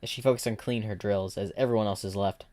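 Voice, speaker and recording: A man's voice: on the low side, steady tone, fast, a little mellow, dry recording. A man streaming and narrating an improvised fan story, rambling and restarting sentences.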